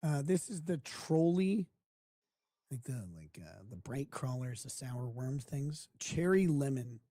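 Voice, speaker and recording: A man's voice: mid-range voice, lively intonation, slow pace, mellow, no room sound. A man hosting a live stream, chatting casually with a crude, mocking manner and frequent laughter. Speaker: streamer host.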